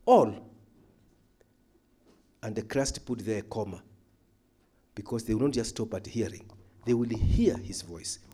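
A man teaching a Bible study in a church hall, emphatic, moving between loud calls and quiet asides. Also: on the low side, moderate pace, husky. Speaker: pastor.

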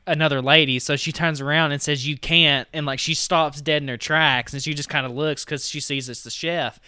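In a fairly high-pitched voice that is pushed and bright, a man co-hosting a podcast rambles through a film's plot, leaning heavily on "like" and "you know." The tone is clean, with no room sound and studio-quality audio.

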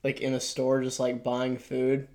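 A man's voice: mid-range voice, monotone, unhurried, darkish tone. Young man rambling, full of "like". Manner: rambling storyteller, heavy use of "like". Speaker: podcast co-host. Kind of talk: casual chat.

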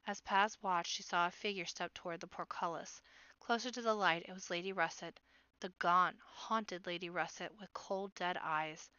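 Woman reading a kids book out loud, expressive, crisp clear voice, dry kinda dull sound. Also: fairly low pitch, normal speed, dry recording. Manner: expressive storybook narration. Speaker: storyteller. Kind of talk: reading a children's novel aloud.

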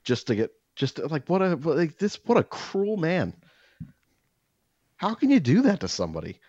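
A man co-hosting a podcast, telling a story in casual chat, animated and swearing as he acts out quotes. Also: on the high side, normal speed, husky, no echo, muffled recording. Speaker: podcast co-host.

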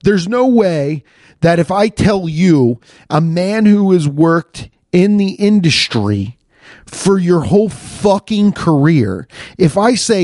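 A man's voice: sits high, animated, slow pace, darkish tone, no echo. A man ranting in a casual monologue into a close podcast mic, profane and exasperated, with lots of restarts.

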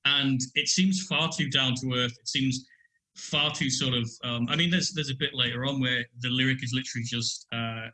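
A man with a bright, clear-toned voice talks through a song on a podcast. He is animated and rambling, circling back and restarting as ideas come to him. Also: mid-range voice, moderate pace, poor audio. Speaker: podcast guest, musician. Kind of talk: casual music discussion.

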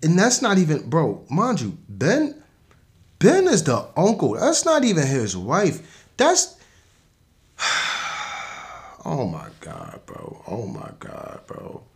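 A man's voice: a little high, huge pitch swings, slow pace, gravelly, pauses often. A man hosting a podcast, recapping a movie in casual slang, rambling with frequent restarts and laughs. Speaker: podcast host.

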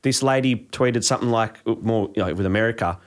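A man's voice: fairly low pitch, fast talker. A man in casual podcast chat, ranting heatedly with frequent swearing and restarts. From Australia.

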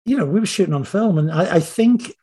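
A man's voice: high voice, animated, fairly quick, mellow, slightly rough. Rambling man telling anecdotes. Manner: rambling, anecdotal, self-interrupting. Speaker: screenwriter guest. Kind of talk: casual interview chat.

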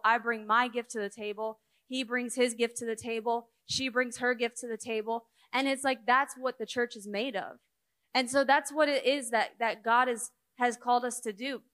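Brief: young woman preacher, slightly high voice, chatty, storytelling sermon. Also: bright, forceful tone. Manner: conversational, storytelling, many fillers.

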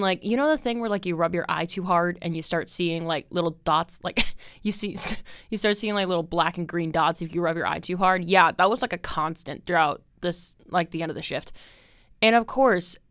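Solo podcast host, woman in her twenties, lowish smooth voice, candid and swears a lot. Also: fairly bright tone, dry recording, clean studio sound. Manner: chatty and candid, lots of "like" and "um", swears freely. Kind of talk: casual solo podcast rant.

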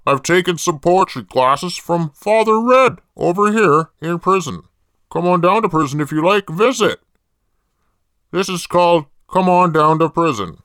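A man playing a creepy jailed male killer in a comedy parody ad, rambling deadpan and swearing a lot. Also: high-pitched, unhurried, clear, resonant tone, no echo, clean studio sound.

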